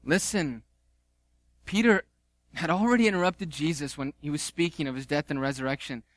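A man delivers a sermon in an animated, conversational way, mixing earnest points with playful asides. His voice sits a little high for a man. The sound is dry and close, with no room echo. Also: moderate pace. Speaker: pastor.

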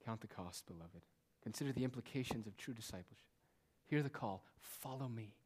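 A male pastor preaching a sermon in a church, swinging between quiet, hushed lines and raised, emphatic ones. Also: medium pitch, brisk, breathy edge.

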